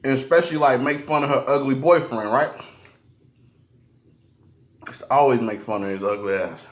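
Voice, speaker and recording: A man telling a personal story while eating on camera, slangy and profane, often stopping and restarting. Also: mid-range voice. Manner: halting, restarts a lot. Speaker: mukbang vlogger.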